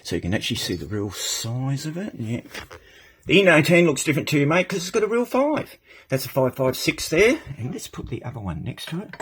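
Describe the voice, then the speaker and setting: A man's voice: on the high side, sing-song, fairly quick, a bit bright, husky. A middle-aged Australian man chatting casually to viewers on his channel, rambling and calling them "mate". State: short of breath. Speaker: channel host. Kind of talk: casual live-stream chat.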